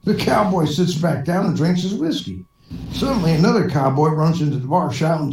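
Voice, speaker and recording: A man's voice: high-pitched, lively intonation, normal speed, background noise. Man laughing at his own bar jokes. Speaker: stand-up comedian. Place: online voice chat room. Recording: echoey room from far off.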